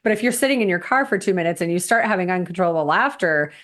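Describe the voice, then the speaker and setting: A woman's voice: fairly low pitch, expressive, racing, a bit bright. A woman hosting a podcast interview, reflecting on and summing up what her guest has said. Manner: reflective, summarizing back to the guest. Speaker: podcast host. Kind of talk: conversational interview.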